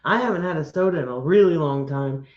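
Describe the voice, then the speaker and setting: A man with a notably high voice chats casually as co-host, joking around and laughing easily. The recording is roomy and slightly muffled. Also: quick pace. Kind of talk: casual chat.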